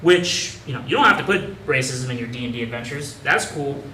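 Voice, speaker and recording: A man's voice: mid-range voice, lively intonation, brisk, pushed and bright, distant mic. A young man performing a stand-up comedy set on a club stage, talking in a casual, rambling, self-mocking way. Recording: echoey club room from afar, audience noise. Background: audience laughter.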